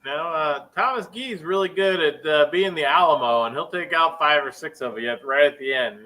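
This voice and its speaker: Laid-back man with a bright voice. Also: on the high side, normal speed, low-quality recording. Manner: laid-back, short agreeing replies. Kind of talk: casual chat.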